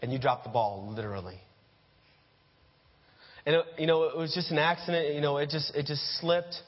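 A man's voice: a little high, normal speed. A man giving a sermon, telling stories in the second person and acting out scenes. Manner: addresses listeners as "you", acts out scenes. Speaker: preacher. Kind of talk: sermon storytelling. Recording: dull echoey hall.

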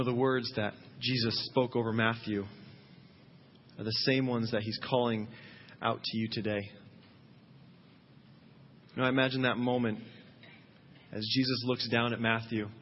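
A man's voice: medium pitch, a little hiss or hum. A man preaching a sermon as pastor, earnest and imploring, rising to fervent calls. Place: church sanctuary. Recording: muffled sound in a long-reverb hall.

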